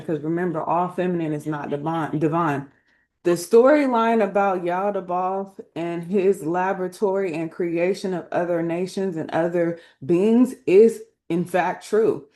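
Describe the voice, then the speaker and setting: A woman's voice: lowish voice, a little mellow. A woman teaching spiritual lore through tarot cards in a casual, emphatic way, speaking colloquially and often checking in with her listeners. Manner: colloquial, slangy phrasing.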